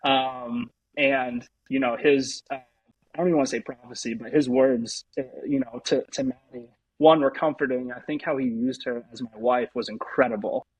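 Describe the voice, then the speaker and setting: Husky young man telling a story. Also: mid-range voice, steady tone, normal speed, no room sound, rough recording. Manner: rambling, lots of "like" fillers. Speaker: guest, pro baseball pitcher. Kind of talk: casual storytelling interview.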